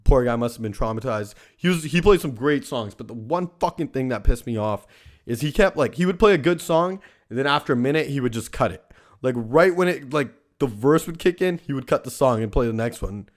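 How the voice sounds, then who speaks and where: This podcast host is a young man with a mid-range, expressive voice and a brisk delivery. Running a laid-back storytelling show, he wanders off on tangents, curses nonstop, and ends lines with "right?"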